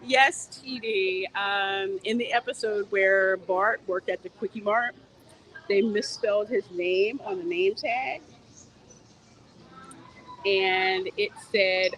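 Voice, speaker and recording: A woman's voice: mid-range voice, fairly bright tone, rough recording. A woman, live-streaming a casual, playful walk through a theme park gift shop and talking straight to her viewers.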